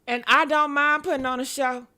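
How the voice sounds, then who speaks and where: A young woman hosting a show, telling a story in casual chat, dramatic and laughing loudly as she goes. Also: high-pitched, fairly even intonation, normal speed. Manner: loud, laughing, dramatic retelling. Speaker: show host.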